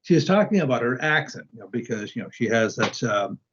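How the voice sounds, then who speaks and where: A man's voice: mid-range voice, expressive, a little fast, a bit bright, slightly rough, dull audio. A man speaking as a guest in a casual conversation, hesitant and full of restarts. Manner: hesitant, many ums and restarts.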